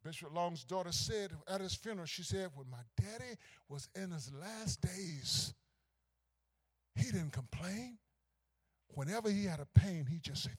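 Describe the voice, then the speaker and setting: Animated preaching man, high bright voice. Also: unhurried, breathy edge. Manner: preaching with sudden shouted climaxes and hushed asides. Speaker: pastor. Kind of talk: sermon.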